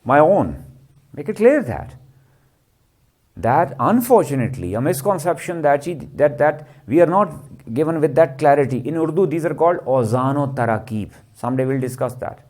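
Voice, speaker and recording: A man's voice: on the high side, expressive, moderate pace, a little mellow. A man giving a literature lecture, constantly asking the class rhetorical questions. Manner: keeps quizzing with rhetorical questions, tags "ji".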